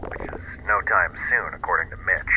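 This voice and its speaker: A man's voice: sits low, normal speed, dull audio. A man playing a practical male park ranger, talking in a matter-of-fact, by-the-book way over a radio transmission. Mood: brisk. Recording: loud noisy radio line.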